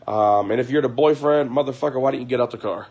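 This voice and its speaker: A man's voice: mid-range voice, quick pace, darkish tone. A man ranting casually on a livestream at home at night, profane and heated, repeating himself and breaking into laughter.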